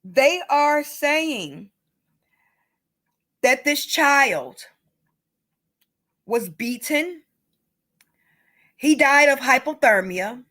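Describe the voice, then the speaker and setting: Woman, true crime commentary, high voice, slow delivery, emotional, profane, repeats herself. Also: very animated, sharp tone.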